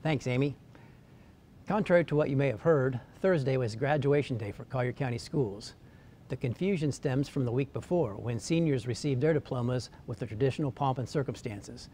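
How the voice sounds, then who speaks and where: A man reads his weekly commentary in a wry, deadpan manner, letting dry jokes land without fuss. His voice sits at an ordinary middle pitch. A faint low rumble hums under the recording. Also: moderate pace. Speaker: columnist giving weekly commentary. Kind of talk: scripted dry-humored commentary.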